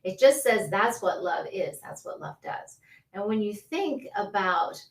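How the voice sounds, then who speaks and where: A woman hosting a casual livestream, chatty and quick to laugh, who greets viewers by name. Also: mid-range voice, animated, far from the mic. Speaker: livestream host. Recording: roomy echo, a bit off-mic.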